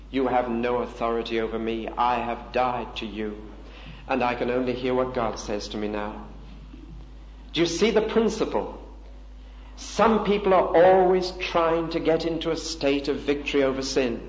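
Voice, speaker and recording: A man's voice: fairly high pitch, moderate pace, slight background noise. A man delivering a sermon, earnest and emphatic. He asks the listeners rhetorical questions. The recording is dull and lo-fi, with a roomy echo. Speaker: preacher.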